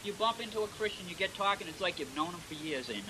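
A man delivers a sermon with a bright, sharp edge to his voice and a slightly high-pitched delivery. He punctuates his points with amens and praise interjections, emphatic throughout. A faint hiss sits under the recording. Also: expressive, fast talker, low-quality recording. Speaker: preacher.

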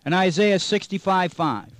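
A man's voice: sits high, moderate pace, no echo. A man as a pastor teaching a Bible study broadcast, reading scripture aloud with strong emphasis and tossing in "amen" asides. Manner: emphatic preacher, reads scripture aloud with stress; frequent "amen?" asides and small restarts.

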